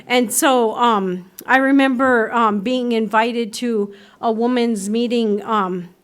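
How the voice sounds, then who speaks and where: A woman speaking at a recovery meeting, telling her story in a lively way, acting out voices and laughing often. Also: on the high side, takes it slowly. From United States. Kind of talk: personal recovery talk. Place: meeting room.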